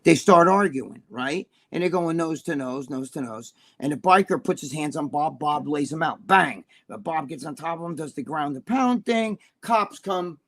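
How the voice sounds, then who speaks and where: A man's voice: on the high side, expressive, moderate pace, hardly any pauses. A man talking as a podcast guest, telling blunt, profane stories and checking in with his listener as he goes. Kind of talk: casual chat on a live-streamed podcast.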